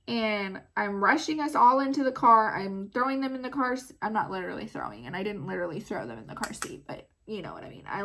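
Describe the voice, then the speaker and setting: Bright-voiced woman telling a story. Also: on the high side. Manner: animated, filler-heavy retelling with many "like"s. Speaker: vlogger; mother. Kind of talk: casual storytelling.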